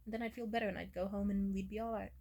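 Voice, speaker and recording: A woman's voice: mid-range voice, level tone, racing, warm tone. Candid, rambling young woman vlogger. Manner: candid, rambling, profane, full of "like". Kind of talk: casual confessional storytelling.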